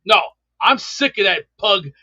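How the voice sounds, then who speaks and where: Blustering high-voiced man on a dull line. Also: lively intonation, measured pace, bright, forceful tone, dry recording. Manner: grumpy, blustering, repeats himself. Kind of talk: ranting call-in banter.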